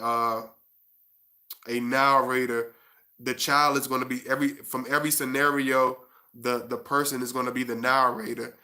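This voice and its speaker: Bright, flat-toned man chatting on stream. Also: mid-range voice. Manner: halting, with many restarts while chatting; slow and hushed when reading his prose. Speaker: author and channel host. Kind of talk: casual livestream chat and reading aloud.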